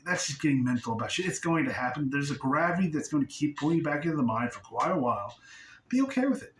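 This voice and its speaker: Talking fast in a sing-song voice on the high side, a spiritual teacher explains things casually, full of profanity and frequent laughter in a conversational style. The audio is roomy and far off, with a little hiss or hum.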